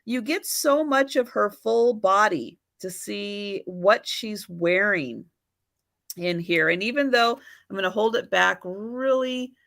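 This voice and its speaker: A woman's voice: mid-range voice, gravelly, a bit bright. A woman hosting a livestream sale of antique photos, describing each item thoughtfully. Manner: slow, thoughtful, describing items. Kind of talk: casual livestream chat.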